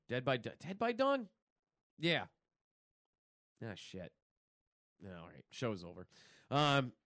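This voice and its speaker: A man hosting a casual movie news show, excitable and rambling, with plenty of fillers and asides. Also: high-pitched, no echo, clean studio sound. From New York. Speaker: podcast host.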